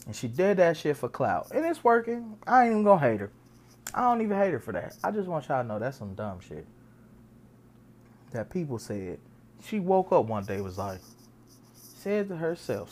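A woman's voice: very deep voice, sing-song, moderate pace, a little mellow. A woman hosting a podcast, delivering a blunt, heated, profane comedic rant that keeps repeating her points. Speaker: podcast host.

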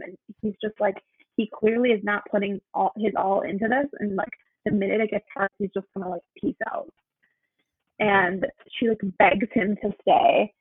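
A woman's voice: medium pitch, fairly even intonation, moderate pace, slightly rough, dry recording. A woman in casual film talk, animatedly retelling scenes and acting out the lines. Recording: tinny phone-like line.

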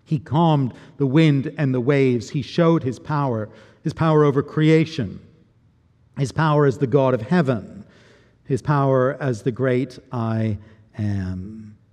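A man's voice: mid-range voice, slow pace, darkish tone. Earnest male preacher in a reverberant hall. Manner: earnest, reflective preaching with frequent repetition. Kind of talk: sermon. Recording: long reverb of a large hall.

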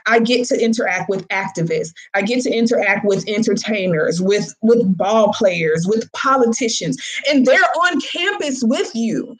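A woman who works as a senior high school teacher, talking casually and acting out the people she quotes in raised voices. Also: normal speed, poor audio. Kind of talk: casual storytelling talk.

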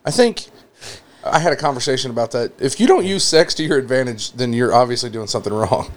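A man's voice: medium pitch, lively intonation, fast talker. A man in casual podcast conversation who is easygoing and mocks himself. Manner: easygoing, self-mocking. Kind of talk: casual crude banter.

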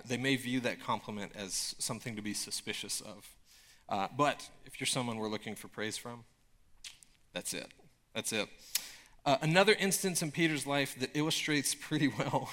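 Male pastor, conversational sermon, chatty and casual, lots of fillers, mid-pitched voice. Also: fairly bright tone.

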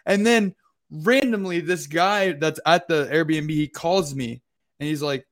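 A man's voice: a little high, measured pace. A young man co-hosting a podcast, telling a travel story in a loose, rambling way with lots of filler words. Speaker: podcast co-host. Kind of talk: casual storytelling.

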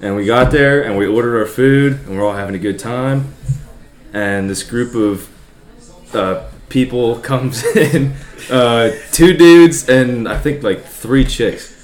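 A man's voice: mid-range voice, takes it slowly, darkish tone. Rambling, swearing young man in echoey room. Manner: rambling, heavy swearing, laughs often. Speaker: podcast co-host telling a story. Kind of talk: casual storytelling chat. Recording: roomy echo.

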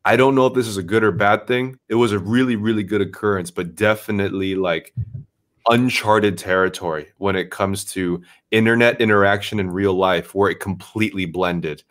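Low-voiced male streamer, animated and profane storyteller. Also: moderate pace. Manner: animated storyteller, swears freely. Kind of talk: casual chat.

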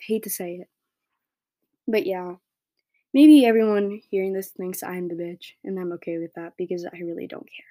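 Teen girl podcaster, blunt rambling rant, warm voice, dry close sound. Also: mid-range voice, no echo. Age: teens. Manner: blunt, rambling, heavy filler words. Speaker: podcast host. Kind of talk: solo opinion rant.

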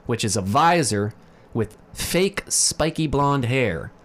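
A man telling stories in a casual podcast chat, animated, with many fillers and restarts. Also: mid-range voice, slow pace.

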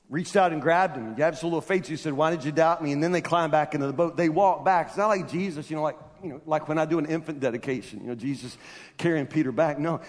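Excitable preacher in a reverberant hall. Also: male voice, fairly high pitch. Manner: conversational, laughing asides, stammering restarts, swings to loud shouting emphasis. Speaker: pastor. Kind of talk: sermon.

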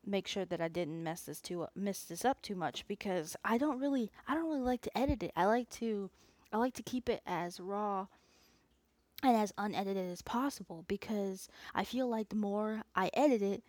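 A woman's voice: medium pitch, animated, moderate pace, darkish tone, no echo. Chatty woman rambling on her podcast. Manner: rambling, self-aware, chatty with frequent asides. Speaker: podcast host. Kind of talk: unscripted solo podcast chat.

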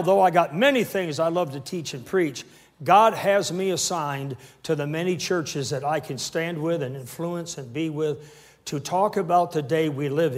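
A man in his sixties preaching a sermon with call-and-response and humorous asides. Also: on the high side. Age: 60s. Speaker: pastor.

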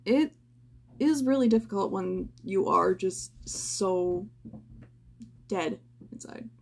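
A tired young woman hosting a personal podcast, venting in a slow, halting way with sighs and stammers, her voice low and close to tears. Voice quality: low, gravelly voice. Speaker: podcast host.

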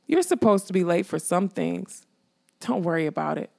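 A woman reading an audiobook, voicing a mocking dead male skull that guards a castle, in a slow teasing drawl. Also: fairly low pitch, very animated, vocal fry, a little mellow, exaggerated voice. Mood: reflective.

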